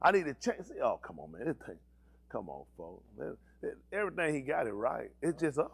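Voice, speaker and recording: Speaking briskly at medium pitch, with a creaky voice and a breathy edge, a male pastor gives an animated sermon. He asks the congregation questions for them to answer back and jokingly teases them using slang.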